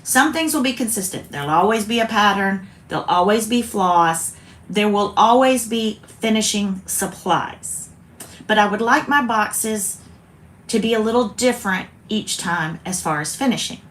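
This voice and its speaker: A woman's voice: medium pitch, lively intonation, normal speed, a bit bright. A woman from South Carolina, hosting a chatty, rambling craft video and often interrupting herself. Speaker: host. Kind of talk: casual chat.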